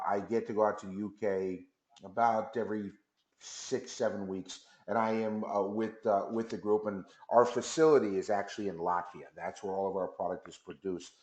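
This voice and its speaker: A company executive appears as a guest on a talk radio interview, casually telling a story and acting out the back-and-forth dialogue as a lively storyteller. His voice is fairly low in pitch, and the audio is poor and reverberant.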